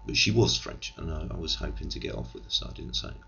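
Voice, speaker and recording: Low gravelly Englishman, pompous rant. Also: racing, few pauses, pushed and bright, muffled recording. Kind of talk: comic monologue.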